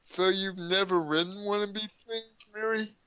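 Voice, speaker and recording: A man playing a tabletop role-playing game, making slow, questioning remarks in casual chat. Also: sits high, steady tone, bright, forceful tone, smooth, no echo, rough recording. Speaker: player.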